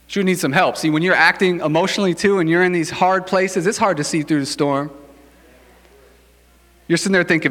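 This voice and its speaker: A man's voice: a little high, brisk, bright, forceful tone, in a large hall. A man preaching a sermon in a casual, joking, conversational way. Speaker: pastor.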